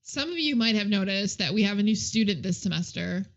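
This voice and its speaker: Woman doing a soft prim schoolteacher. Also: medium pitch, animated, a little fast, lo-fi sound, close to an everyday voice.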